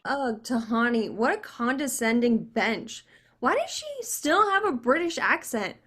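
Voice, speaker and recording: A woman's voice: a little high, big pitch swings, unhurried, fairly bright tone, breathy edge, full character voice. A woman reading a brash, drunk young woman in the afterlife, sarcastic and slurring, at a video call table read.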